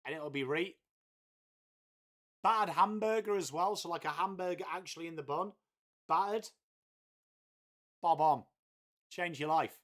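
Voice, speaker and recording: A man's voice: a little high, unhurried, long pauses, fairly bright tone. A man hosting a casual live stream, bantering with viewers and saying "mate" all the time. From England, Whitby. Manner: laddish banter, peppered with "mate", swears freely. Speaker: livestream host. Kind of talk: casual live watchalong chat, reading viewer messages.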